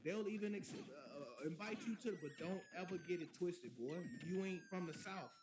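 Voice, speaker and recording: A man's voice: sits high, normal speed, background noise. Preachy streamer man, repeats himself. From US Midwest. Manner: preachy, repetitive, drawls "bro" and "boy". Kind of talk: casual monologue while streaming.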